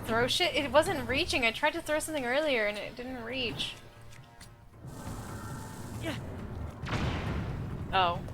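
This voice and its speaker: A woman streamer commenting live on her gameplay, excitable with loud outbursts and laughter. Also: high-pitched, slow, pauses often. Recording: game music under the voice. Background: game music.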